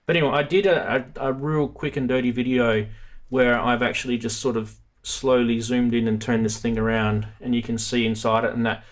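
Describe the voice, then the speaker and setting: A man's voice: medium pitch, flat delivery, a little fast. A man hosting a live stream about synth modules, chatting casually and rambling with many restarts. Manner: rambling, self-interrupting, chatty.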